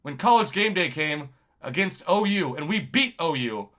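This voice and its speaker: A man, a YouTube journalist, talking to camera in a rambling, impassioned monologue full of shout-outs. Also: fairly high pitch, animated, normal speed. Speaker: YouTube video game journalist.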